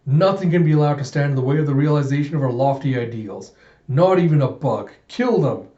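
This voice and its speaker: A man's voice: a little high, a little fast, dark tone, reverberant, muffled recording, close to an everyday voice. A man voicing a cold, ruthless male revolutionary colonel who gives orders in a stern, commanding way.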